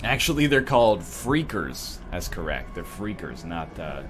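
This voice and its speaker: A man hosting a let's play video, riffing with quick jokes and sarcastic asides as he plays. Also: sits low, very animated. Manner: rapid joking riffs, sarcastic asides. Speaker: gaming video host.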